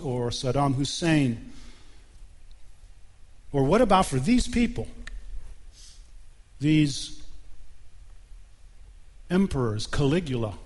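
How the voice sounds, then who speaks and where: A man's voice: mid-range voice, darkish tone. Man preaching in a reverberant church. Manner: emphatic, measured preaching with deliberate pauses. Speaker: pastor. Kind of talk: sermon. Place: church sanctuary.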